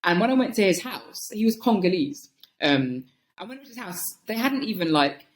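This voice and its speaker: A woman from North London with a London accent, a guest talking in a thoughtful, animated, casual way, laughing often and filling with um and like. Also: medium pitch, a little fast. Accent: London English. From North London, England. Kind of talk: casual conversational interview.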